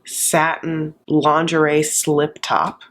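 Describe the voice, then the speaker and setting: A woman with a fairly low voice gives a casual recap of a reality TV episode. She talks in a sassy, gossipy way and drops in campy asides. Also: monotone, slow pace, fairly bright tone, a little hiss or hum. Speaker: YouTube recap host.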